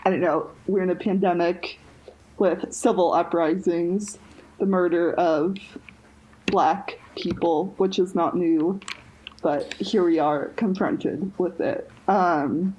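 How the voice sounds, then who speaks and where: Slow-talking young woman podcast co-host. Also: on the low side, fairly even intonation, a little mellow, lo-fi sound. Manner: rambling with many fillers and restarts. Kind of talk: casual chat.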